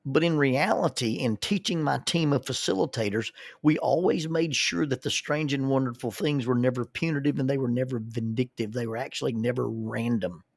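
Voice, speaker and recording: A man's voice: medium pitch, fairly quick, vocal fry, dry recording, studio quality. A man, a counselor and minister, telling stories in a folksy way, often repeating words as he starts a thought. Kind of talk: storytelling monologue.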